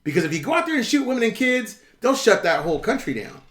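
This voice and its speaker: A man's voice: very high-pitched, big pitch swings, fast talker, a bit bright. A middle-aged man, ranting bluntly and with profanity on his own live stream while answering viewers. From United States. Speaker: YouTube currency commentator. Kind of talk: casual livestream rant.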